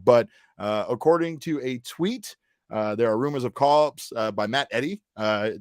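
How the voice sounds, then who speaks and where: A man's voice: mid-range voice, no echo, studio quality. A man hosting a casual sports podcast, upbeat and playful, hyping up his co-host.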